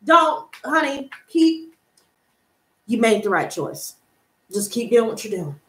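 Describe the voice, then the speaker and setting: A woman hosting a live tarot stream, reading out viewer comments and answering them in a gushing, excitable way that breaks into laughter. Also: on the high side, takes it slowly. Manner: excitable, gushing, calls viewers girl and honey, bursts of laughter. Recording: echoey room with faint noise.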